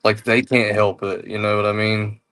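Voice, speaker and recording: A man's voice: on the low side, level tone, moderate pace, fairly bright tone. A man co-hosting a casual talk show, speaking in an easygoing, reassuring way with lots of "you know.".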